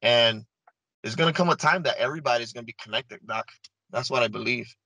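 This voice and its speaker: A man with a bright, forceful tone, talking as an interview guest. He recounts his experience earnestly and casually, stumbling, repeating words and restarting his sentences. The sound is dry and close, with no room around it. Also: medium pitch, fairly quick, dry recording, low-quality recording. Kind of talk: casual first-person storytelling.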